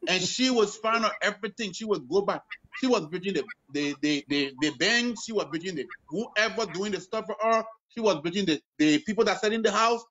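A man and new homeowner, talking haltingly on a video call with many restarts. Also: sits high, expressive, pushed and bright, muffled recording, slight background noise. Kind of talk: casual testimonial on a video call.

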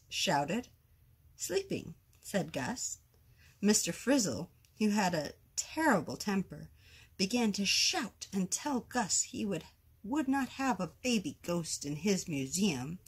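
A woman reading a children's picture book aloud, slow and expressive, giving the characters their own voices. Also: on the low side, husky. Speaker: storyteller.

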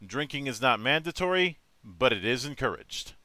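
A man's voice: medium pitch, big pitch swings, moderate pace, pushed and bright, no room sound. A man hosting a casual online interview, jovial and theatrical, laughing often. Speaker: host.

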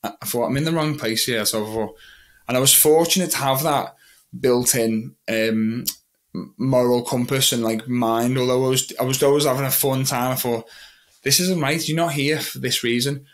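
A man's voice: medium pitch, steady tone, moderate pace. A young man, a magician talking about his own past as an interview guest, rambling a little and quoting his own thoughts. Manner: rambling, with many restarts and quoted thoughts. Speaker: guest, magician and mental health advocate. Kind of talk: candid personal storytelling in an interview.

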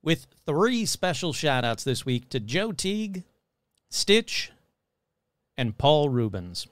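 A man's voice: on the high side, sing-song, takes it slowly, dry recording. A man hosting a podcast, talking casually and jokily as he rattles off long lists of listener names. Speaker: podcast host.

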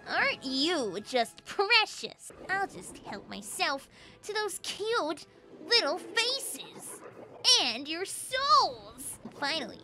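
A woman voicing a sly plush monster villain who talks in a slow, mock-sweet, menacing way. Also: very high voice, very animated, full character voice.

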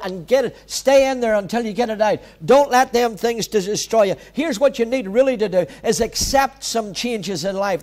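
A pastor preaching with a notably high voice. He speaks emphatically, repeats key phrases and exhorts his congregation directly. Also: normal speed, a little mellow. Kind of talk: sermon.

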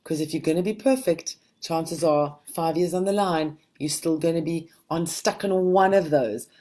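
A woman with a slightly low voice talks to aspiring authors. Her manner is reflective and steady. She sounds like a mentor sharing hard-won advice in an easy conversation. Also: normal speed. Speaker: book mentor and host. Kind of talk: casual conversation to a writing group.

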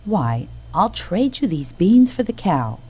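A woman's voice: on the low side, big pitch swings, slow, a little mellow, breathy edge, heavily acted. A woman voicing a strange, sly little man trading beans in a storybook. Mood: wheedling. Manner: exclaiming, wheedling.

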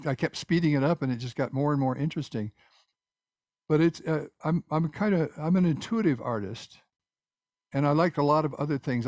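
Older man talking haltingly over a dry call. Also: medium pitch, darkish tone, dry recording. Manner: rambling, halting with restarts. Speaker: guest speaker, composer. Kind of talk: casual presentation and Q&A.

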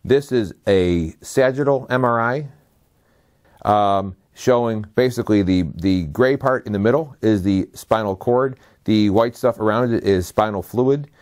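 Man, medical lecturer, slide lecture, methodical term-by-term delivery, dry asides, fairly low pitch. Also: measured pace, darkish tone. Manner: methodical, listing terms one by one with brief dry asides.

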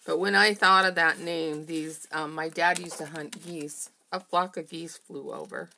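Slow, gravelly-voiced woman crafter chatting. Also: low-pitched, expressive, bright, forceful tone, slight background noise. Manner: chatty, personal, greets viewers by name. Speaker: craft vlogger. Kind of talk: casual chat while crafting. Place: home art studio.

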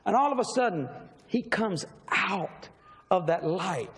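A middle-aged man, a minister telling his story in an animated sermon, breaking into shouts. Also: high voice, unhurried. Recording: live hall reverb with faint crowd.

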